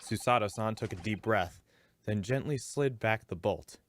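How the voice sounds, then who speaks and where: A man's voice: lowish voice, normal speed, a little hiss or hum. A man hosting a let's-play, giving rambling, self-deprecating commentary. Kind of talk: casual gameplay commentary.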